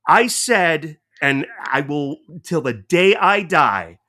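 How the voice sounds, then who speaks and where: A middle-aged man with a fairly high, bright voice whose pitch swings widely. He tells stories in an animated, chatty podcast way and laughs often. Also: slow pace. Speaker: podcast co-host. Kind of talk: casual podcast chat.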